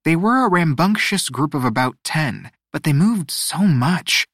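A man narrating a storybook in a measured, expressive reading voice. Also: fairly high pitch, no room sound, studio quality. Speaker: audiobook narrator.

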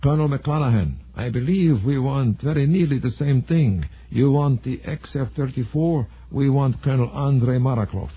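A man voicing a cagey male Soviet general who talks in a formal, measured and guarded way, with a husky voice. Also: mid-range voice, dark tone, voice pushed up, natural voice. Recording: narrow phone-like sound.

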